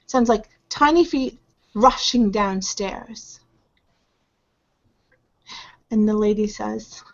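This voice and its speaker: Acting as game master for a tabletop game, a woman narrates scenes vividly and mimics sounds. Her medium-pitched voice has vocal fry and moves slowly, in a dull lo-fi recording.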